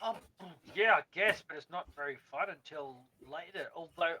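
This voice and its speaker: A man's voice: a little high, brisk, sharp tone. A man playing a crude, boozy gnome. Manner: joking, swears freely. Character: gruff male gnome newcomer, boozy and crude. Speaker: player. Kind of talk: tabletop role-play in character.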